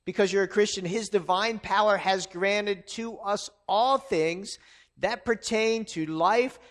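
Guy pastor with a high voice, chatty sermon, lots of restarts and side stories. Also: unhurried. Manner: conversational preaching with frequent restarts and asides.

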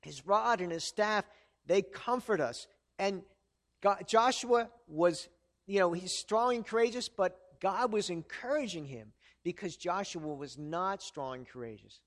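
A man with a high voice preaches a sermon. He keeps it earnest and conversational and often asks the congregation rhetorical questions. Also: unhurried, a bit bright. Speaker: pastor.

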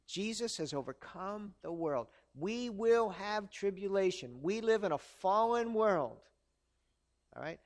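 A man with a high voice preaches a sermon. He keeps it earnest and conversational and often asks the congregation rhetorical questions. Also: expressive, unhurried. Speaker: pastor.

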